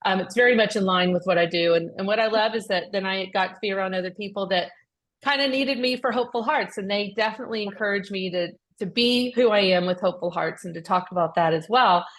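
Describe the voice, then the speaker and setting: A woman co-hosting a faith-based podcast, chatting casually and telling a personal story in a lively, animated way with frequent restarts. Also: medium pitch, fast talker. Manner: acts out quoted speech with raised voice. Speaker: podcast co-host.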